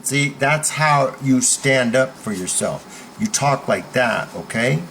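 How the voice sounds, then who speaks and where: A man coaching viewers at home on standing up for themselves, talking emphatically and demonstrating loud comebacks. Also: mid-range voice, expressive, slow, a little hiss or hum. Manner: emphatic, demonstrative, switches into loud role-play shouts. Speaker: self-defense and confidence coach. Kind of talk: instructional video talk. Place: at home with his dogs nearby.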